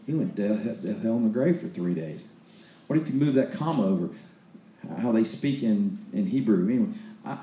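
A man's voice: on the low side, lively intonation, normal speed, mellow, roomy sound. A man preaching a sermon in a folksy, storytelling way, often restarting his sentences.

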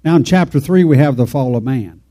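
A man's voice: mid-range voice, lively intonation, fairly quick, dark tone. A man preaching an informal, folksy sermon, rambling and talking straight to his congregation.

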